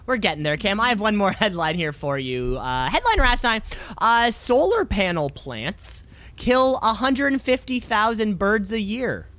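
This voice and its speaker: Lively rambling male podcast co-host. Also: sits high, a little slow, no echo. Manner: rambling, sarcastic joking. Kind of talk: casual chat.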